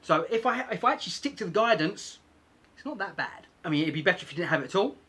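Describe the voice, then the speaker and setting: Male vlogger, chatty, husky, animated pitch, explains and repeats points. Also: fast talker. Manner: chatty, self-deprecating, repeats for emphasis. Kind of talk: casual explanatory vlog.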